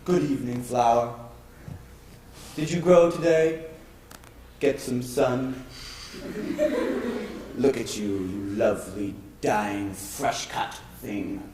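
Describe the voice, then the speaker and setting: A man's voice: medium pitch, darkish tone, slight background noise, lightly acted. A man playing a brooding actor alone on stage. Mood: musing. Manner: slow, musing, wistful delivery. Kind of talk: stage monologue. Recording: echoey stage recording.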